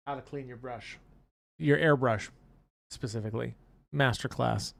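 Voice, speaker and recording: A man's voice: mid-range voice, moderate pace, vocal fry, a bit bright. A man co-hosting a hobby live stream, reading viewer comments aloud and laughing easily. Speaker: co-host reading chat questions. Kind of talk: casual live-stream chat.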